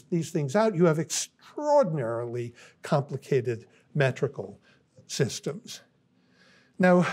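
An older man, a philosophy professor, giving a university lecture in a thoughtful, halting way with many pauses and restarts. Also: mid-range voice, darkish tone. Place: college classroom.

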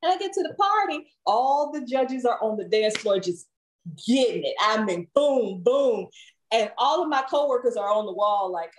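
A woman, a singer, telling a story as a podcast guest in a relaxed, chatty way with frequent fillers. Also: fairly high pitch, moderate pace, rough recording. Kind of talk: storytelling in an interview.

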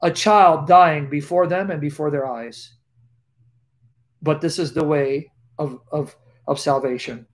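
High-voiced impassioned male preacher. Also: fairly even intonation, measured pace. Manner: emphatic, swings from loud declarations to hushed tones; repetitive rhetorical questions. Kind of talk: impassioned live-stream preaching.

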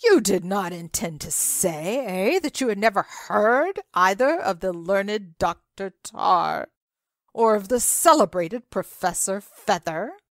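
A woman voicing a genial, excitable older male asylum director in a dramatic reading of a classic story, talking in a courtly, grandly emphatic way. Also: medium pitch, slow, no room sound, clean studio sound.

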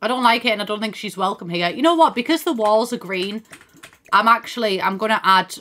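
A woman's voice: mid-range voice, a little fast, a bit bright. A young woman chatting casually on a live game stream, thinking aloud, swearing now and then and thanking viewers by name. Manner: swears casually and laughs often. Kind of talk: casual gaming stream chat.

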